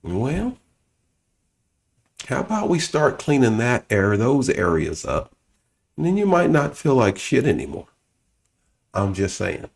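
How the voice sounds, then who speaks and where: A man giving sarcastic, scolding reaction commentary with a gravelly voice. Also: mid-range voice, wildly swooping pitch, a little slow, long pauses.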